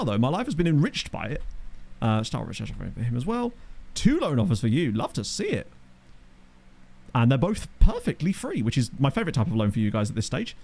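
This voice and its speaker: A man with a slightly high, darkish voice streams a football management game on a desk microphone. He rambles and jokes as he plays, chatting casually and reacting to his chat.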